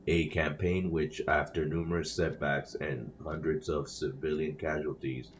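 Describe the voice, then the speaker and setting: Speaking at an extremely low pitch and a little slowly, this gamer reads newspapers inside the game he's playing for his channel, tossing in offhand comments. His tone stays level, but he trips on words, fixes himself partway through sentences, and seems self-conscious reading aloud. Slight background noise is audible.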